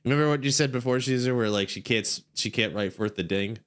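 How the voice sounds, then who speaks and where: A man's voice: mid-range voice, fast, a bit bright. A man streaming, casually reading a game story aloud, giggling, rambling and stumbling over words.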